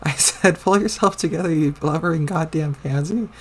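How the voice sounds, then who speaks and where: A man reads a webcomic aloud in an animated, fairly quick voice that's medium in pitch and slightly mellow. He takes on the voice of a bossy, exasperated young girl who scolds and swears, so the mood is scolding.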